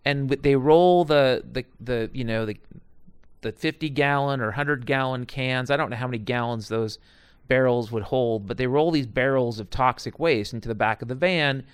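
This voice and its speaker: A man's voice: medium pitch, moderate pace, clean tone, no echo, clean studio sound. A man in his forties or older telling stories from his past jobs in a digressive, profane way, full of asides and restarts. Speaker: storyteller recounting past jobs. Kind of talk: casual rambling monologue.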